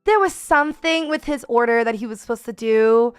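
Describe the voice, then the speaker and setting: A woman's voice: a little high, a little fast, clean tone, no echo, soft background music. A woman streaming a casual chat, rambling with many fillers and reading viewer messages aloud.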